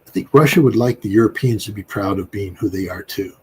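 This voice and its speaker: A middle-aged American man appears as a guest commentator, offering conversational political commentary in a rambling, emphatic way with many fillers and restarts. He talks fast in a lowish voice, with slight background noise.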